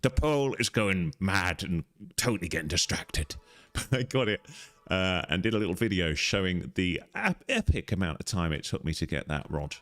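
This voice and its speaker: Deep-voiced guy streaming a game, bouncy lively delivery, goofy and chatty. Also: no echo. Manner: chatty, playful, talks through what he is doing. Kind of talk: casual live-stream chat while gaming.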